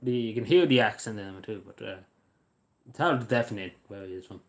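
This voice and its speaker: A man's voice: lowish voice, animated, quick pace. An Irish man chatting casually on a livestream, rambling and hesitant, swearing now and then.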